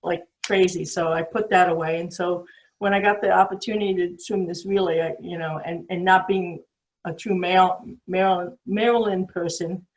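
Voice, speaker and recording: A woman in her sixties with a New England accent, a guest telling stories casually, rambling and halting with many fillers and restarts. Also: on the low side, fairly even intonation, rough recording. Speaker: interview guest, marathon swimmer. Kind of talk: casual storytelling.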